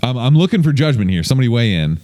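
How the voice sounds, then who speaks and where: A man's voice: mid-range voice, big pitch swings, rapid-fire, a little mellow. A man hosting a podcast in loose, rambling casual chat, swearing freely. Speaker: podcast host. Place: indoor room, streamed on video.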